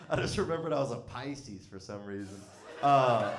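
A man's voice: mid-range voice, lively intonation, moderate pace, gravelly, echoey room. A man telling a comic story in a loose, rambling, profane way, often breaking into laughter. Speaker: comedian.

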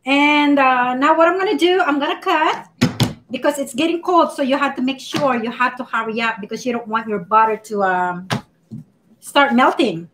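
Hosting a relaxed live baking stream, a woman chats warmly with her viewers, greets them by name, and laughs often while she works. Her voice is high, her pace normal, and the background is noisy.

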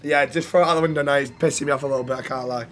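A man's voice: on the high side, steady tone, very fast, background noise, lightly acted. A man role-playing a friendly, curious customer in a game, with a British accent and a habit of calling people love and mate.

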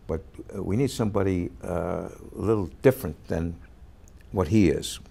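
Gravelly man telling a backstage story. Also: low voice, normal speed. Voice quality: gravelly, husky. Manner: animated storyteller who acts out quoted voices. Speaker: actor interviewee. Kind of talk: anecdotal interview storytelling.

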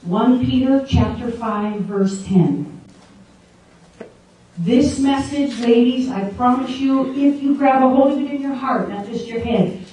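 A woman delivers an emphatic sermon to a gathering of women, firing questions at the room. Her voice is mellow and dark, and she sounds distant from the microphone. A large, heavily echoing room surrounds her. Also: on the high side, unhurried, slight background noise. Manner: emphatic, asks the audience questions. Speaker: preacher. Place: large echoey meeting room. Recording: very echoey room, distant mic.

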